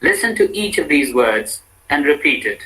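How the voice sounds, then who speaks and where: A man reading out the instructions for a pronunciation drill in a measured, explanatory way. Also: fairly high pitch, very animated, bright, forceful tone, low-quality recording. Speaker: language lab instructor. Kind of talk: scripted pronunciation lesson.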